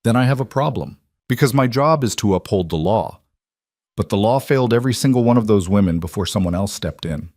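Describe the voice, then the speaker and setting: A man narrating an audiobook voices a weary female detective who questions in a measured, level way. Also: lowish voice, animated, darkish tone, no room sound, clean studio sound. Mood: pressing.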